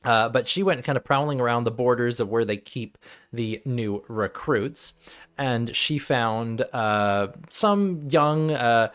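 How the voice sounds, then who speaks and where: A young man recapping a tabletop game as game master, rambling with lots of fillers and laughter. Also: medium pitch.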